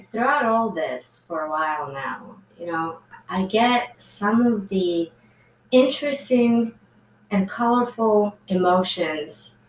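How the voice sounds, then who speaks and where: A woman asking thoughtful questions slowly in a casual conversation. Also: medium pitch, animated, slight background noise. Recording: echoey room, distant from mic.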